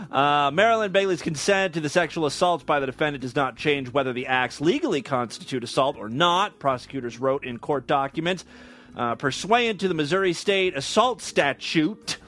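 A man's voice: on the high side, a bit bright. A man hosting a comedy show, reading news stories aloud and breaking in with crude, sarcastic asides. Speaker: podcast host.

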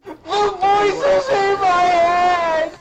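A man's voice: extremely high pitch, steady tone, very slow. A man pranking people in an online voice chat, teasing them in a mock-serious way. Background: music.

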